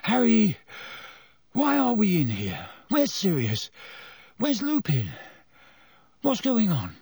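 Groggy, confused teen boy in a storybook, voiced by a man; pitched up. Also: huge pitch swings, takes it slowly, darkish tone, slightly rough, no echo, studio quality, full character voice. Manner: groaning.

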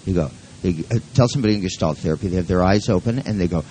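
A man's voice: low voice, racing, mellow, slight background noise, low-quality recording. A man leading a live workshop who talks in a rambling, joking and profane way. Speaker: seminar leader.

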